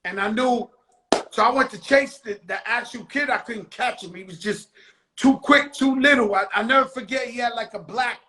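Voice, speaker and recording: A man's voice: very high voice, moderate pace, sharp tone, low-quality recording. A man hosting a talk show in casual chat, telling stories in streetwise slang and swearing freely.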